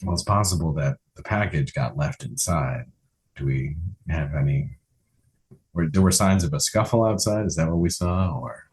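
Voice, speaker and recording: A man playing a tabletop game, calm and deliberate, asking about the rules. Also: rumbling low, slightly rough. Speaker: player.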